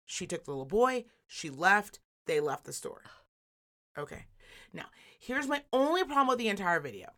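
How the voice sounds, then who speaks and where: A woman co-hosting a podcast, telling a story in casual chat, profane and animated, acting out the people she quotes. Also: medium pitch, moderate pace. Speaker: podcast co-host.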